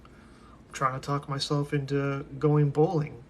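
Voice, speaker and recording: A man's voice: fairly high pitch, little pitch movement, a little slow, a little mellow, a little hiss or hum. A young man rambling to himself in a casual monologue, drifting from one topic to the next. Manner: musing, talks to himself, drifts between topics.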